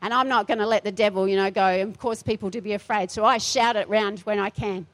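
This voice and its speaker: A woman's voice: mid-range voice, steady tone, brisk. A middle-aged woman pastor delivering a feisty, emphatic sermon in a church, repeating her phrases for force.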